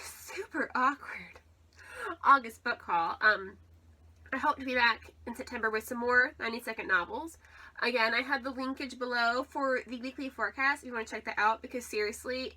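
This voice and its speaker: A woman's voice: fairly high pitch, sharp tone. A young adult woman chatting casually about books as a vlogger, rambling with lots of likes and ums. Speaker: book vlogger. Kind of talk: casual vlog chat.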